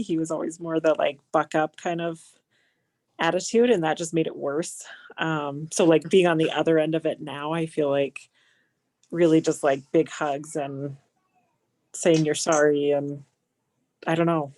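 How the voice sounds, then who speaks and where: Thoughtful woman with a lowish voice. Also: fairly even intonation, moderate pace, a little mellow. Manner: thoughtful, tentative. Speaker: parent in a coaching group. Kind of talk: casual group discussion.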